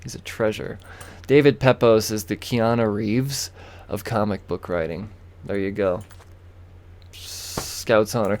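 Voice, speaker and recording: A man's voice: on the low side, lively intonation, a little slow, darkish tone. Man, podcast host, casual rambling chat, repeats phrases, fillers, talks to himself. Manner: rambling, chatty, self-interrupting with fillers and repeats. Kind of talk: casual solo comic book chat.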